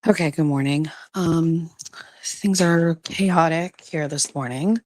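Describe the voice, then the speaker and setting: Low-voiced woman in a casual morning vlog. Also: slow, no echo. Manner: soft, coaxing talk to pets. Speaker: vlogger.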